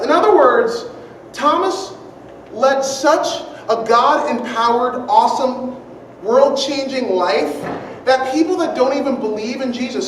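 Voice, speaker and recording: A preacher delivering a sermon earnestly, repeating key phrases and asking the audience rhetorical questions. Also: high-pitched. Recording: very echoey room, distant mic, faint noise.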